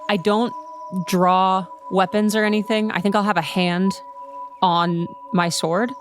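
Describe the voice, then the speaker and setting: A woman playing her character in a tabletop game, talking in an earnest, pleading, folksy way. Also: on the low side. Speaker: player. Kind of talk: in-character tabletop role-play.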